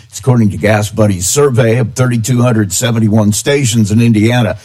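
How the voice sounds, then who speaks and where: A man reading a local radio news bulletin at a steady newsreader pace. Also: fairly low pitch, fairly quick.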